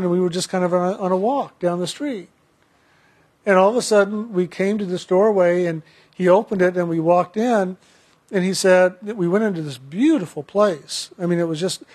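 A man telling a personal story in a chatty, halting way, often repeating words. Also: high voice, darkish tone.

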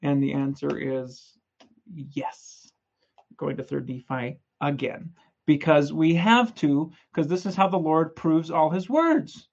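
A young man giving a casual, energetic scripture lesson, retelling stories in a chatty, playful way. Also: fairly high pitch, measured pace, vocal fry, highs cut off. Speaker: scripture study presenter.

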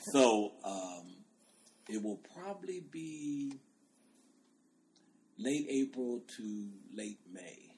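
A man's voice: medium pitch, lively intonation, drawn-out words, long pauses, a little mellow. A man, a guest author, talking in laid-back casual chat and laughing easily.

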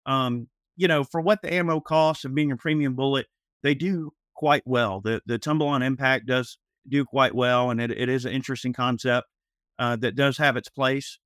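A man co-hosting a panel show, talking in a measured way full of "uh" and "you know". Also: mid-range voice, fairly even intonation, fairly bright tone, dry recording, clean studio sound. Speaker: podcast co-host. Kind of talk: casual panel chat.

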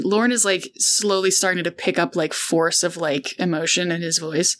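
A woman's voice: lowish voice, fairly even intonation, moderate pace, few pauses, fairly bright tone. A woman player in a tabletop game, describing her character hesitantly with many fillers.

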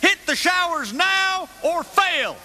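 Shrill, bossy cartoon gym coach barking orders, with a long hall reverb. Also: male voice, expressive, slow pace, pushed and bright, exaggerated voice. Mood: stern. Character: bossy shouting male gym teacher.

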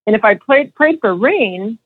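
A woman in her fifties, a podcast guest, telling her story in a lively way and acting out what others said. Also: on the high side, normal speed, slightly rough, no echo. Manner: animated storyteller acting out quotes. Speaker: podcast guest, financial advisor. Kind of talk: storytelling interview answer. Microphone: phone. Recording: tinny phone line, dry.

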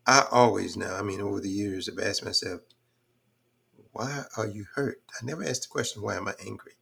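A man's voice: on the low side, vocal fry, fairly bright tone, husky. An older man speaking as a podcast guest in a reflective, thoughtful way, with frequent fillers. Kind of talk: reflective conversational talk.

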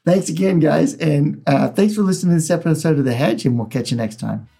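A man's voice: fairly high pitch, brisk, creaky, mellow. A man hosting a podcast, chatting casually and easygoing, laughing often. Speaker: podcast host. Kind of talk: casual chat.

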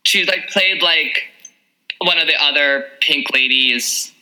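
A young woman co-hosting a podcast in casual chat, animated and quick to laugh, full of filler words. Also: low-pitched, poor audio. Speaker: podcast co-host.

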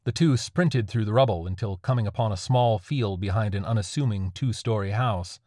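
A man narrating a dark horror story in a measured, grim way. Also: lowish voice, dry recording, studio quality.

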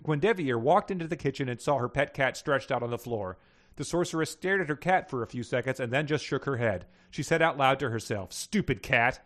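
A man hosting a podcast, reading short stories aloud and chatting casually, often laughing. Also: fairly bright tone. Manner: reads stories aloud, voices characters with raised pitch, laughs often. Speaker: podcast host reading passages. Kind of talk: read-aloud storytelling with casual chat.

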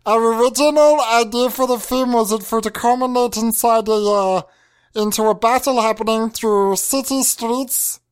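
A man putting on a film director's voice, recalling an original idea in a measured, explanatory way. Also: very high-pitched, smooth. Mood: mock serious.

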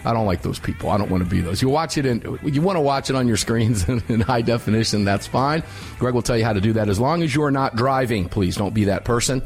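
A man's voice: medium pitch, quick pace, soft background music. A man hosting a talk radio show, chatting casually in an upbeat, joking, loose way from a home studio. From United States.

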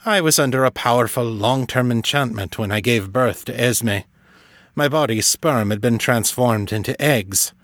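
A man voicing a gruff, curmudgeonly old male wizard with a clipped, grumbling way of talking. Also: medium pitch, normal speed, a bit bright, no room sound, studio quality, natural voice.

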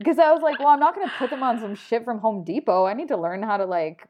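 A woman talks on a podcast, spinning lively anecdotes about her craft. She laughs easily and swears in a relaxed, casual way. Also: on the high side, quick pace, lo-fi sound, slight background noise. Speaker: podcast guest, textile artist. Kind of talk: casual storytelling chat.

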